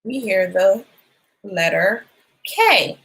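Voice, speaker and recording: A woman teacher giving a phonics lesson for young children, sounding out letters and words clearly and encouraging them. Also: mid-range voice, animated, very slow, fairly bright tone, rough recording. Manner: encouraging, asks questions and waits.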